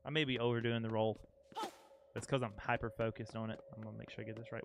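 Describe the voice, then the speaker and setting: A man's voice: mid-range voice, flat delivery, fast, fairly bright tone, smooth. A young man streaming a game, chatting casually and playfully with his chat. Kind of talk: casual live-stream chat over gameplay.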